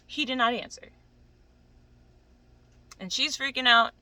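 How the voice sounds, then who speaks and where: Bright-voiced woman ranting, profane and animated. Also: on the high side, measured pace, long pauses, no echo, rough recording. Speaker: anime commentator. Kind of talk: casual ranting commentary.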